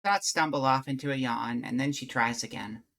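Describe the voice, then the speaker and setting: Chatty, bright-voiced streamer. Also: mid-range voice, moderate pace, vocal fry. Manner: chatty, candid, rambling with restarts. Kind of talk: casual chat and visual novel read-through.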